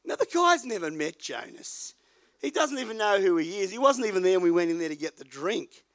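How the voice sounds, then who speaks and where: An older pastor preaching in a relaxed, storytelling way. His voice sits high for a man and has a gravelly edge. He drops quiet, then lifts loud for emphasis. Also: fast talker. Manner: folksy storyteller, swings between quiet and loud. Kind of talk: sermon with personal story.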